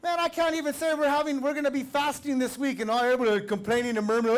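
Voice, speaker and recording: A man preaching a sermon as pastor, fervent and conversational, building up to shouts. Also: very high-pitched, fairly even intonation, very fast, hardly any pauses.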